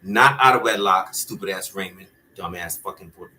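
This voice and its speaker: A man's voice: deep voice, moderate pace, pushed and bright, a little hiss or hum, low-quality recording. A man talking straight to the camera in a candid rant, blunt, profane and heated. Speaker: vlogger.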